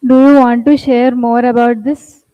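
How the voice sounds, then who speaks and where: A woman's voice: fairly high pitch, flat delivery, unhurried. A young woman student with an Indian English accent, speaking hesitantly with many fillers in a group discussion. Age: young adult. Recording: dull lo-fi recording.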